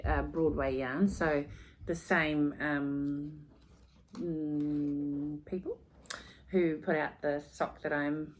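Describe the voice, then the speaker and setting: A woman's voice: low-pitched, slight background noise. Upbeat New Zealand woman co-host. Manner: friendly, upbeat, quick asides. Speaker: podcast co-host. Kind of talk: casual chat.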